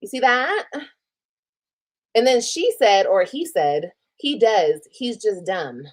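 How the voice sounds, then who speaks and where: A woman's voice: medium pitch, big pitch swings, slow pace. A woman retelling a personal drama on a casual livestream, reading old texts aloud, swearing freely and reacting as she scrolls. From Texas. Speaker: streamer telling a personal story.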